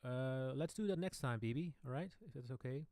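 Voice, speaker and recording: A man hosting a casual live-stream Q&A, chatting with viewers in slightly non-native English and often trailing off softly. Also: medium pitch, fairly quick, no room sound. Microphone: studio microphone.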